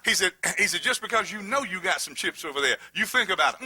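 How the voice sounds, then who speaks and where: A middle-aged pastor preaching a sermon, building from quiet reading to shouted, humorous emphasis. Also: male voice, high-pitched, expressive, very fast, hardly any pauses, slightly rough.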